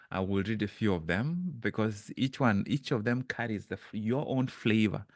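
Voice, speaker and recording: A man's voice: fairly low pitch, normal speed, few pauses, dry recording, clean studio sound. A man leading a live online coaching session over a webcam, speaking earnestly with frequent restarts and repeated words.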